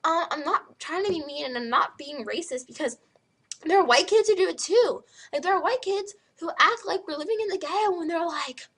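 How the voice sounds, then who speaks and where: A teenage girl ranting to camera in a vlog, emphatic and animated, with lots of "like" fillers. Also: very high voice, normal speed. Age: teens. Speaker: high school student vlogger.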